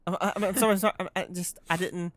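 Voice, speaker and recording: A man's voice: high voice, fairly even intonation, fast, a bit bright, no echo. A man playing his character in a tabletop game, talking in a stammering, flustered way. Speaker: player.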